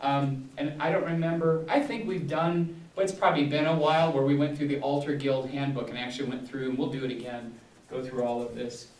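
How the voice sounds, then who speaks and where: A man's voice: mid-range voice, little pitch movement, fairly quick, darkish tone. A man, a pastor, leading a Bible study in a casual, rambling way with frequent restarts. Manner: rambling, digressive, many restarts and fillers. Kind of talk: casual teaching talk. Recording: echoey room, distant mic.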